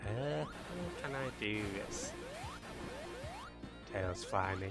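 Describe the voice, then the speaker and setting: A man's voice: lowish voice, lively intonation, drawn-out words, vocal fry. Mancunian man chatting over game music. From Manchester, England. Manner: rambling, jokey banter with chat, self-mocking. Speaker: game streamer. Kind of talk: casual live-stream chat while playing.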